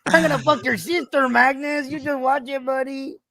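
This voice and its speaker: A man's voice: very high voice, fairly even intonation, normal speed, bright, forceful tone, a little hiss or hum, voice pushed up, full character voice. A man putting on a boastful tough guy with a Spanish accent, reading out a comment. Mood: mocking.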